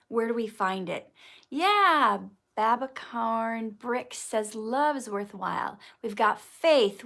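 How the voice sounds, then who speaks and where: A woman in her thirties talks to her viewers in a relaxed, unhurried way, with a voice pitched a little high. She reads out comments one by one and answers with easy, reassuring chat. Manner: chatty and encouraging, reads chat comments aloud. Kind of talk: casual livestream chat.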